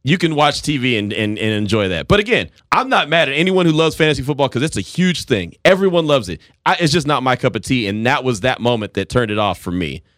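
A man in his forties hosting a casual sports talk show, telling stories with animated voices. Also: medium pitch, quick pace, hardly any pauses, no room sound, clean studio sound. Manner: animated storytelling, acts out voices.

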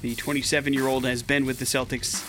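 A man co-hosting a morning radio show, chatting casually and excitably with plenty of fillers. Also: medium pitch, fast talker, faint music behind.

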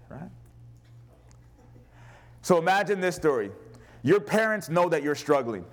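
A man preaching a sermon from the pulpit, his voice pitched high and light. He preaches with animated energy and slips into the voices of the people in his stories. A live congregation answers him now and then. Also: a little slow, long pauses. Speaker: pastor. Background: congregation responding.

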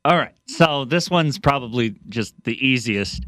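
A man's voice: mid-range voice, expressive, unhurried, a bit bright, no echo, clean studio sound. A young man from Tennessee and Missouri on a sports radio show, asking odd questions in a rambling, hesitant way. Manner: rambling, hesitant, self-interrupting. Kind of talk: casual sports radio banter. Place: radio studio. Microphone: studio mic.

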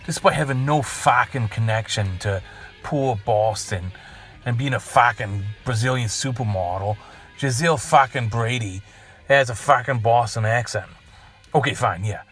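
A man's voice: mid-range voice, moderate pace, fairly bright tone, soft background music. A man hosting a podcast, rambling through a crude, jokey monologue and swearing freely. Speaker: podcast host.

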